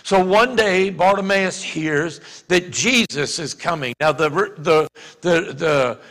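A man with a Louisiana accent preaching a sermon as pastor, talking conversationally with many restarts and rising to shouts. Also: on the high side, slow, in a large hall.

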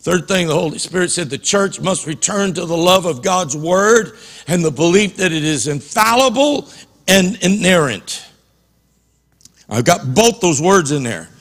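A man's voice: high-pitched, animated, a little slow, fairly bright tone, big-room sound. A man preaching a passionate sermon as a pastor in a church, often repeating and restarting his words.

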